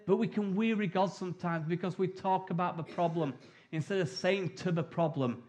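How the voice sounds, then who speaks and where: A man's voice: high-pitched, moderate pace, a little mellow. A middle-aged man preaching a sermon in a chatty, humorous way, acting out prayers and replies.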